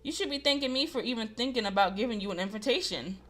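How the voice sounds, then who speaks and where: A woman's voice: a little high, fast, a bit bright, soft background music, lightly acted. A woman voicing a smug, arrogant young male aristocrat, reading a visual novel aloud in a condescending tone.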